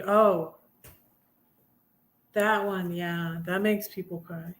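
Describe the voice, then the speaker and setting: A woman's voice: on the low side, fairly even intonation, extremely slow. A middle-aged woman hosting a casual livestream, rambling with fillers and restarts as she chats. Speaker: livestream host reading poems. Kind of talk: casual livestream chat and poetry reading.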